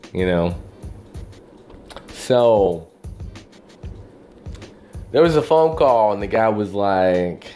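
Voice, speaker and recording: A man's voice: on the low side, a little mellow. A man talking to camera in a casual, rambling monologue, swearing often and filling his speech with "you know" and "like.". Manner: profane, meandering, full of fillers.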